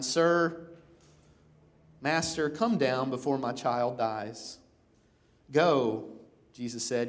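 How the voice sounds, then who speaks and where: A man preaching a conversational sermon in a church, often checking in with "right?" and acting out the scenes he reads. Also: medium pitch. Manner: animated, acts out begging in a raised voice. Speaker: pastor. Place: church auditorium.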